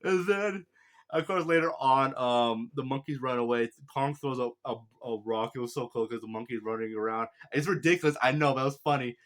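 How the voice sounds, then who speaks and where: Guy rambling thru a movie review, laughs a lot, keeps correcting himself, average pitch voice. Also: brisk, hardly any pauses, fairly bright tone. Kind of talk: casual spoken movie review.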